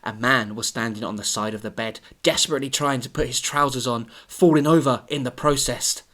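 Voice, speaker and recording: A man hosting a podcast, reading a story aloud with giggly, animated asides. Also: medium pitch, brisk. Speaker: podcast host and story reader.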